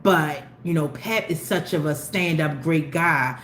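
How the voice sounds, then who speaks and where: A woman hosting a casual celebrity gossip commentary, animated and opinionated, with slangy talk that swings between low asides and loud exclamations. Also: a little slow. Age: older. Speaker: commentary host. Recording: echoey room with faint ambient noise.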